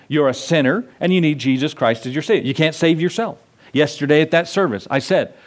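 A man preaching a sermon as pastor, asking the congregation questions and acting out little asides. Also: fairly high pitch.

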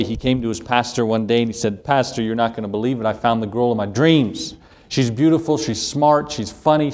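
A middle-aged man preaching from the pulpit in a plain, mid-pitched voice. He mixes homely anecdotes with Scripture read aloud, and he repeats key phrases to drive them home. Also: a little mellow. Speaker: pastor. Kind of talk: sermon.

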